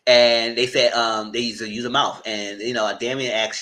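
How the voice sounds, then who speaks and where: A man giving a live commentary on a reality dating show, retelling scenes and talking back to the people in them in a sassy, animated way. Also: normal speed, hardly any pauses. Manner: jumps to high squeals and laughing bursts.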